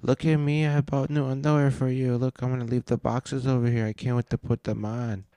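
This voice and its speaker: A man putting on a mocking falsetto voice for an indignant woman housekeeper in a comedy podcast. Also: level tone, a little fast, warm tone, clean tone, dry recording, close to an everyday voice. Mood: mock-sweet. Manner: exaggerated high falsetto mimicry.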